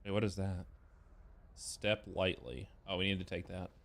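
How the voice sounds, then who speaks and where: A man streaming a video game, chatting casually, excitable and exclamatory, swearing often. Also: low-pitched, quick pace, a little hiss or hum. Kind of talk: casual gameplay chat.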